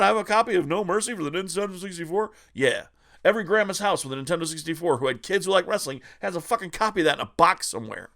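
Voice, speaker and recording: A man's voice: sits high, sharp tone. A man hosting a retro gaming channel, ranting angrily with constant profanity. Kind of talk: ranting vlog.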